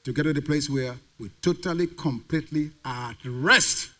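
A man's voice: on the high side, moderate pace, bright, forceful tone. A male pastor preaching a sermon to a congregation, putting questions to the crowd and having them call the answers back. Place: church sanctuary.

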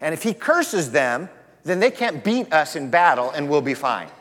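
An agitated king with a raised, restless voice, as a preacher acts him out. The voice bounces around the pitch range, and a long hall reverb trails it. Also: sing-song, moderate pace, fairly bright tone. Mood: worried. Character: worried, angry male king.

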